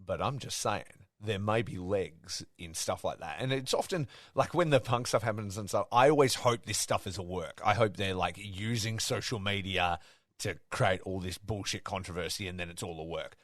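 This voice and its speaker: A man co-hosting a casual wrestling podcast, telling stories with excitement, swearing often and acting out what others said. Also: deep voice, normal speed, no echo, clean studio sound. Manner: excitable storytelling, swears a lot, acts out quotes. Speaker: podcast co-host.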